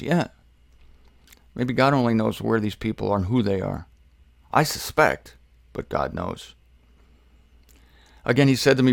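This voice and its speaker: A man's voice: lowish voice, unhurried, gravelly, pauses often, dry recording, studio quality. A man preaching a sermon, emphatic, posing rhetorical questions and answering them himself.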